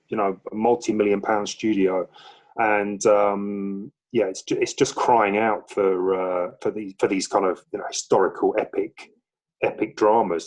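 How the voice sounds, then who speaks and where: Actor guy on a podcast, lowish voice, laid back, kinda rambly with lots of ums. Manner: relaxed, rambling, hesitant fillers. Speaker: actor guest. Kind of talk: casual interview chat.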